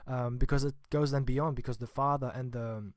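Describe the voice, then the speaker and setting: A man's voice: medium pitch, fairly even intonation, moderate pace, no room sound, clean studio sound. A man giving a casual spoken film review, chatty and informal with wry asides. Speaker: film vlogger.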